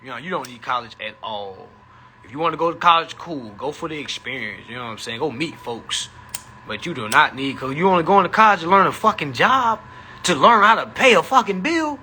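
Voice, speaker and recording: A man with a high, very bright voice, talking on a live stream. His tone is husky and a little rough. He speaks casually and animatedly, with plenty of profanity and a preachy tone. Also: expressive, fast.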